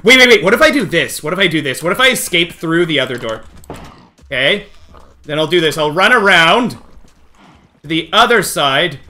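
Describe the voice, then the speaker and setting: Bright, excitable young-sounding man streaming. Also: a little high, normal speed, pauses often. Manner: excitable, coaxing, shouts and laughs often. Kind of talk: excited live gameplay commentary.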